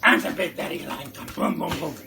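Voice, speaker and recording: Animated man telling a comic story. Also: on the high side, a little fast, vocal fry, noisy background. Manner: animated, drops to hushed tones for suspense. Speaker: tour guide.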